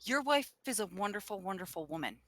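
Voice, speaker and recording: A woman's voice: mid-range voice, sing-song, fast talker, a bit bright. A woman playing a tabletop game, joking and teasing the others. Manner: teasing, playful. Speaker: player. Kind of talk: casual tabletop play.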